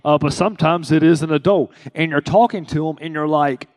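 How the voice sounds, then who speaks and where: A man's voice: on the high side, brisk, a little mellow, long reverb tail. A young adult male pastor preaching a conversational sermon, acting out quotes with rising emphasis.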